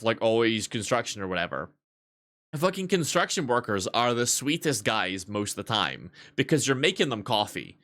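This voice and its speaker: A man streaming and chatting casually, a barista telling profane, animated stories about customers. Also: medium pitch. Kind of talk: casual livestream chat.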